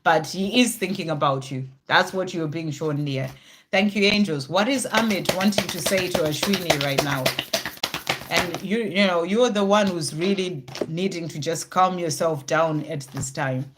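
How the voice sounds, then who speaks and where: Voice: medium pitch, normal speed, background noise. Reassuring live tarot reader. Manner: reassuring, talks straight to the viewer with many "you know" fillers; thinks aloud between cards. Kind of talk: live card reading with viewers.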